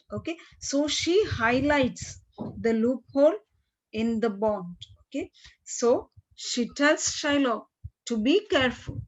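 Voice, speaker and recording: Woman teacher, fairly high voice, slow and patient, dull lo-fi recording. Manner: slow explaining, frequent "okay" and throat clearing. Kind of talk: classroom literature lesson.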